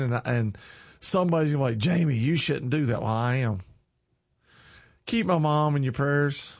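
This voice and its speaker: A man's voice: mid-range voice, a little mellow, no echo, lo-fi sound. Folksy middle-aged man telling corny jokes. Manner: laughs at his own jokes, earnest and folksy. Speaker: online show host. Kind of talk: casual chat to viewers, corny jokes.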